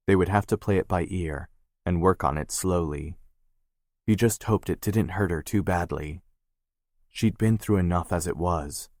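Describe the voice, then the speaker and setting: A man narrating an audiobook in a steady, measured read. His voice is very low and deep, and the recording is close and dry with no room echo.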